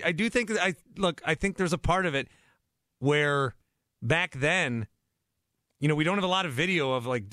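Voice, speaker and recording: A man hosting a sports talk radio show from a studio, chatty and quick to laugh, often restarting his sentences. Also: medium pitch, fairly bright tone, no echo. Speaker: radio host. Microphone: studio microphone.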